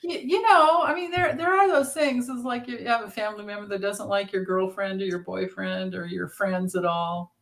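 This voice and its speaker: A woman's voice: medium pitch, fairly even intonation, moderate pace. A woman with a Southern accent co-hosting a tarot livestream, chatting casually, reading viewer comments and laughing often.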